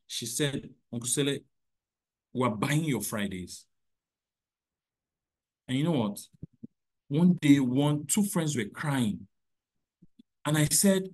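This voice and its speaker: A husky-voiced man speaks over a video call, his pitch leaping up and dropping low as he stresses his points. He repeats key phrases and swings between loud pushes and quiet asides, like a motivational speaker addressing parents. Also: expressive, measured pace, long pauses.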